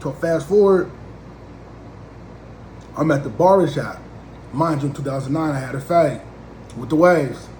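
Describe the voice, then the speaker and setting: A man in his thirties spins a casual, slangy comic story and acts out each side of the talk. His voice sits a bit high for a man. The room is echoey, with a faint hiss underneath. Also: a little slow, pauses often. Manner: slangy, animated, acts out both sides of conversations.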